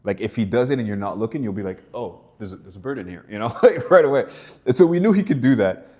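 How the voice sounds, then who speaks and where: A young Canadian man with a medium-pitched voice talks fast as an actor guest in a casual interview. He tells animated stories and acts out quotes, laughing along the way.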